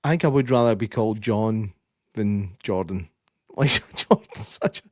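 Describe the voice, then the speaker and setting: A man's voice: fairly low pitch, unhurried, dry recording, studio quality. A man with a Scottish accent co-hosting a podcast, chatting casually and telling stories full of swearing and laughter. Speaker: podcast co-host. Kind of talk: casual chat.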